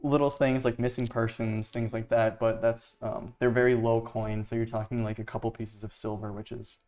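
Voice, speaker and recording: A man's voice: medium pitch, level tone, moderate pace, a little mellow. Rambling man narrating a tabletop game. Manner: rambling, full of likes and ums. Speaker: game master.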